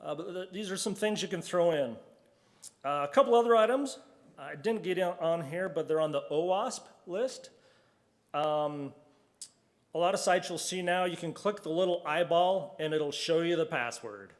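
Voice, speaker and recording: A man's voice: on the high side, moderate pace. A man giving a casual conference talk, chatty and acting out quoted reactions in a conference hall. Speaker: conference speaker.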